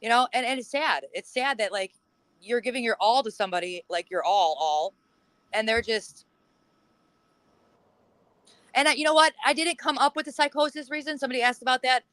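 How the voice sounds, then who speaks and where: A woman with a bright, forceful, slightly high voice talks bluntly in a casual interview. She swears freely and acts out old arguments in quoted voices. The recording is dry and close. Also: quick pace, no echo, low-quality recording. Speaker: interview guest. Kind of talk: casual chat.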